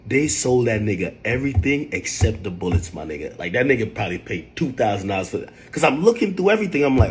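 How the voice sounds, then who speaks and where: A man hosting a livestream, telling stories in animated casual chat, with a husky voice and sudden loud outbursts. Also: medium pitch, fast talker, few pauses, a little hiss or hum. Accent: New York. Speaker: livestream host.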